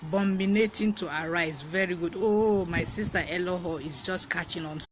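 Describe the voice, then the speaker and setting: A man's voice: high voice, normal speed, background noise. A man from Nigeria with a Nigerian English accent, hosting a casual live-stream vocabulary lesson and greeting viewers by name. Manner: lively, greets viewers by name, laughs often.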